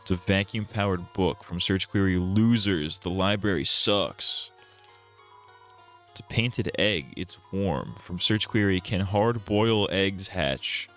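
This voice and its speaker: A man's voice: deep voice, slow pace, fairly bright tone, soft background music. A male streamer casually reading game text aloud with irreverent, crude asides.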